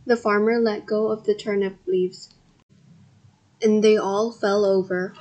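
A woman hosting a podcast reads a children's story aloud carefully, with loud animal noises and shouts for the characters. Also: medium pitch, fairly even intonation, rough recording. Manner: slow, careful reading with bursts of loud sound effects. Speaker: podcast host and story reader.

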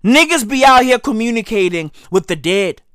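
A man delivering a profane comedic rant to camera, slangy and repetitive, with sudden loud outbursts. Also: extremely high pitch, expressive, moderate pace, clear, resonant tone. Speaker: comedic ranter.

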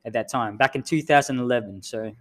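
A man's voice: mid-range voice, fast talker. Podcast co-host, man in his thirties from the Philippines, mid-range voice, loose, frank and foul-mouthed. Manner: frank and loose, swearing freely. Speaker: podcast co-host, Navy veteran. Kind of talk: casual chat.

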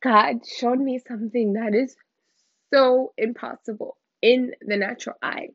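A woman's voice: fairly high pitch, steady tone, measured pace, no echo. A woman giving a candid, emotional personal faith testimony in informal, slangy speech. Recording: dull lo-fi dry recording.

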